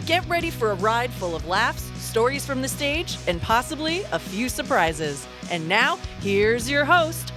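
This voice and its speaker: A woman's voice: fairly high pitch, sing-song, a little slow, few pauses, voice pushed up. A woman reading a scripted, upbeat introduction for a comedy talk show, announcing the host. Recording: music bed behind the voice.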